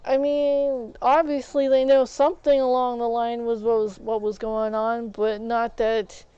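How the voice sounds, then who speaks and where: Woman, rambling animated storyteller, higher-pitched, dull lo-fi sound. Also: measured pace, clean tone, no echo. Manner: rambling, animated, acts out quoted people. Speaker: streamer. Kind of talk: casual storytelling while gaming.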